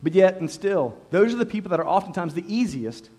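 Male pastor giving a sermon, kinda high voice, super chatty, lots of "you know"s, talking right to the crowd. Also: expressive, brisk, darkish tone. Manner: conversational, repeats words, frequent "you know"; speaks to a live congregation, asks them questions. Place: church service before a congregation.

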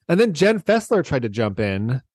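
A man's voice: medium pitch, very animated, normal speed, a little mellow, husky, no echo. Chatty man with a dry sound. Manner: chatty, joking, laughs often. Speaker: podcast co-host. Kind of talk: casual chat recapping a reality show.

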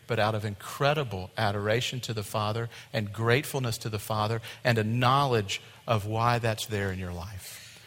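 A male pastor preaching a sermon, animated, acting out voices and dropping to a quiet tone at times. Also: mid-range voice. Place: church sanctuary. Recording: long hall reverb.

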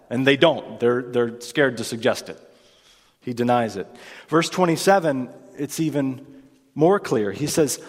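A man preaching a sermon, reading scripture aloud and then explaining it, emphatic and lifting his voice for quoted lines. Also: medium pitch. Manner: emphatic, rising for quoted lines, occasional fillers. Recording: long reverb of a large hall.

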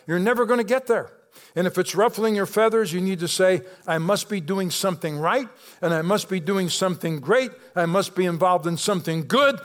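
A man preaching a sermon to his church, calling out to the congregation, sometimes dropping soft and slow, then building to emphatic, rising calls. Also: high-pitched. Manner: preaching with call-outs to the congregation. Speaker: pastor.

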